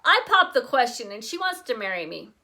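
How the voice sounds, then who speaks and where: A woman reading aloud, voicing an excitable little boy who is eager and loud. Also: fairly high pitch, a little fast, exaggerated voice. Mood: proud.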